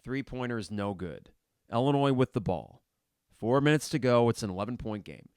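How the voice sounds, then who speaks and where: A man's voice: mid-range voice, expressive, moderate pace, smooth, dry recording, studio quality. A man hosting a sports podcast, reacting live to a basketball game with blunt, frustrated commentary and casual swearing. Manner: blunt and frustrated, shouts at players.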